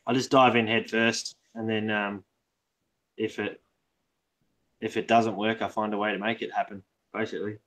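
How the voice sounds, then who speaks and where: A man's voice: fairly low pitch, little pitch movement, normal speed, pauses often, fairly bright tone. A man chatting as a guest, hesitant, with a loose, easygoing delivery. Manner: loose, hesitant, lots of ums. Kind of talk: casual chat. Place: online video call.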